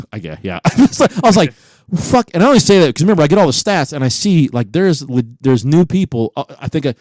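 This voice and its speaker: A man in his forties, co-hosting a podcast, telling stories in a profane, animated way and laughing often. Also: fairly high pitch, fast, few pauses, dry recording, studio quality. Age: 40s. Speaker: podcast co-host. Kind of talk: casual chat.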